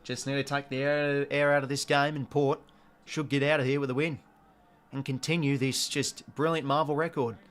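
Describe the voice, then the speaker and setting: At a moderate pace and in a mid-range voice, a young Australian calls a match during his live watch-along, keeping it casual, getting excitable in bursts, and letting slip the odd mild swear.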